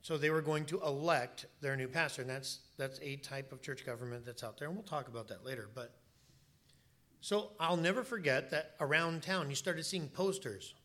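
Male pastor, bright and forceful tone, fairly high voice, emphatic storytelling sermon in a church. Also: normal speed. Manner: emphatic, storytelling, repeats words for stress.

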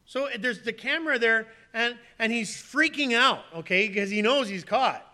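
Preaching with lively energy, this man, likely in his thirties, bursts loudly into pleading voices and then falls to quiet asides. The pastor's pitch is extremely high, and he speaks at normal speed.

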